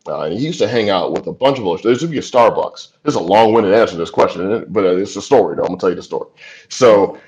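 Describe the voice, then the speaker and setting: Low-voiced man telling a chatty story. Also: lively intonation, racing, a little mellow. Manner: loose and chatty, many "like" and "you know" asides, laughs easily. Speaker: interview guest, screenwriter. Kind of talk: casual storytelling. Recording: dull lo-fi recording.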